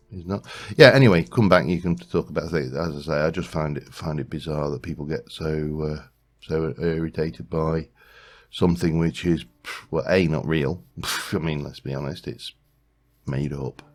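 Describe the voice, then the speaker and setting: Deep gravelly man musing over gameplay. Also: moderate pace. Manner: rambling, musing aloud with frequent restarts. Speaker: let's play host. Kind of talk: casual gameplay commentary.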